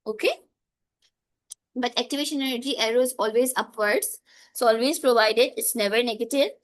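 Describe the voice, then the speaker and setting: A woman teaches a live online chemistry class. Her voice sits fairly high, and she keeps checking in with "okay?" and calls on students by name. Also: brisk.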